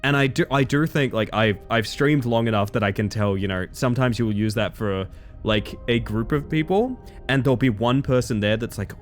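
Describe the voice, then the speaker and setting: A man's voice: medium pitch, normal speed, soft background music. A man streaming live, chatting casually with viewers and reading their messages aloud, laughing often. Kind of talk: casual live-stream chat while gaming.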